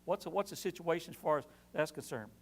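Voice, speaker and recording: A man's voice: a little high, quick pace, slightly rough. A man teaching a Sunday Bible class in an earnest way, repeating key phrases for emphasis.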